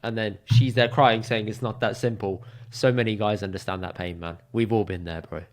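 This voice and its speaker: A man co-hosts in a lowish voice. He is blunt and jokey and gives advice in neat numbered points. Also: steady tone, normal speed. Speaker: podcast co-host. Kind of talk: casual chat.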